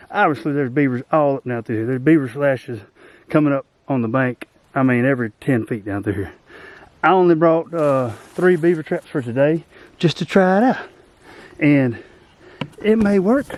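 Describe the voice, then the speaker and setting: A man's voice: on the high side, a little mellow. A man, talking casually and rambling in a folksy, self-deprecating way to a camera set up outdoors by a swampy creek, out of breath as he pushes a boat across. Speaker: outdoors vlogger. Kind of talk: casual outdoor vlog chat. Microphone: camera set up nearby.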